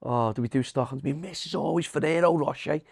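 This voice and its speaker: An older Liverpool man co-hosting a podcast, cursing freely as he tells stories. His voice sits fairly high for a man. It is recorded dry and close, with almost no room sound. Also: a little fast, gravelly, dry recording. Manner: swears freely, animated storyteller. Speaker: podcast co-host. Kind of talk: casual chat.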